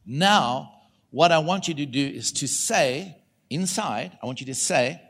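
A man with a South African accent preaching a conference sermon, chatty and lively, dropping to a hush and then rising loud as he calls out to the audience. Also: fairly high pitch, measured pace. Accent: South African English. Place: conference hall before an audience.

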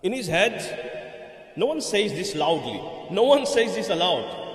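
A man's voice: high voice, big pitch swings, measured pace. A man giving a Friday sermon in a mosque, driving points home with rhetorical questions and repetition. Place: mosque prayer hall. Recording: echoey mosque hall, long reverb.

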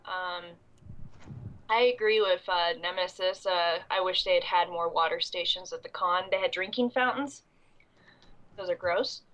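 A woman's voice: fairly low pitch, measured pace, a bit bright, low-quality recording. Congested woman with coughing fits. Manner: rambling with many ums and restarts. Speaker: convention goer recapping the event. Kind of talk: casual podcast chat.

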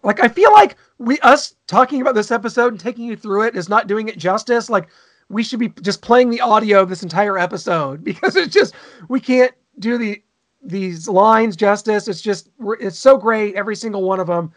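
High-voiced enthusiastic man. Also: moderate pace. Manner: enthusiastic, gushing, frequent fillers. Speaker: podcast co-host. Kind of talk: casual chat reviewing an old sitcom.

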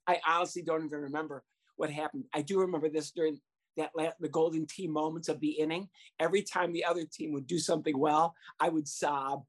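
A man telling a comic anecdote from his years as a youth baseball coach. He speaks in an animated way, breaks into laughter and acts out the voices of the people in his story. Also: a little high, fast.

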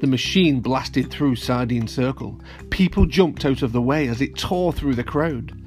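A man reading a children's story aloud at a steady pace. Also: mid-range voice, a little slow, faint music behind. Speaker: narrator.

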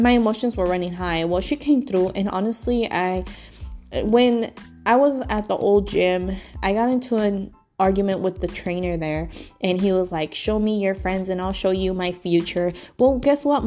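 A woman's voice: mid-range voice, darkish tone. Emotional woman telling her story, swearing freely. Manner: emotional, frank, swears freely, lots of fillers. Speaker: podcast host telling her own story. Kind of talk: casual personal storytelling.

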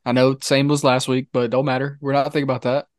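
A young man co-hosting a casual sports podcast, talking in a laid-back, halting way with lots of filler sounds. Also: mid-range voice, little pitch movement, dry recording, studio quality. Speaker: podcast co-host. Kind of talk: casual chat.

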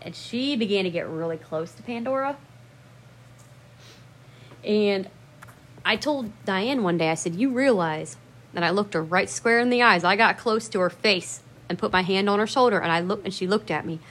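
A woman's voice: mid-range voice, normal speed, fairly bright tone. A woman telling a personal story in a casual, rambling way, swearing often and stressing her words for emphasis.

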